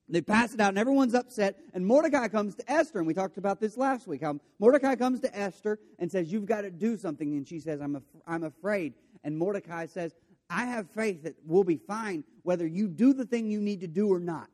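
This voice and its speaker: Animated male preacher retelling a story. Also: sits high, fairly quick. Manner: storytelling, voicing characters with jokey asides. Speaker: pastor. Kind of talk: sermon.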